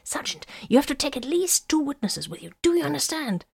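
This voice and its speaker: A woman's voice: medium pitch, normal speed, breathy edge, dry recording, studio quality. A woman voicing a commanding officer who gives clipped, urgent orders in an audiobook.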